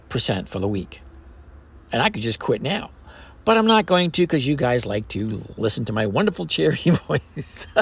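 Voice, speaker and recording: Man, podcast host, gravelly husky voice, lively pitch, casual chatty trading talk. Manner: chatty, jokey, walks through numbers.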